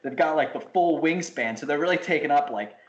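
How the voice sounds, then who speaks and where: A man's voice: on the high side, a little fast, muffled recording. A man co-hosting a casual podcast, laughing often and acting out gym scenes. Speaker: podcast co-host. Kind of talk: casual chat. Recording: roomy with faint background noise.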